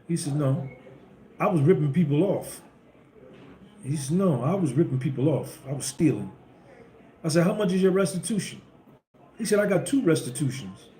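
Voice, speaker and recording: A man's voice: fairly high pitch, warm tone. Blunt storytelling man, echoey room. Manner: blunt, emphatic, preachy street talk. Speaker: podcast host. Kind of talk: casual monologue storytelling. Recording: echoey room with faint background hum.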